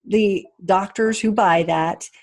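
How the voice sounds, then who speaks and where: A woman's voice: medium pitch, slow pace, darkish tone. A woman host in casual interview chat, candid and chatty, swearing casually.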